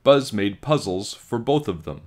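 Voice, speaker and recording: A man reading a children's storybook aloud, with slow, expressive storytelling. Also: lowish voice. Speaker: children's book reader.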